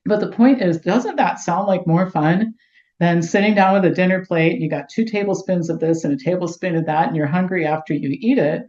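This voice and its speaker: A middle-aged woman being interviewed, telling lively anecdotes and acting out the dialogue. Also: on the low side, fairly quick. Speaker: guest, health doctor. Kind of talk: storytelling in interview. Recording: roomy, dull lo-fi sound.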